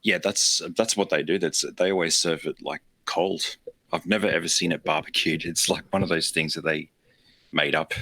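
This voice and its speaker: A man with a very deep yet bright voice, rambling through a casual video call with lots of fillers. His tone has a sharp, forward edge. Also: fairly even intonation, moderate pace. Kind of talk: casual chat.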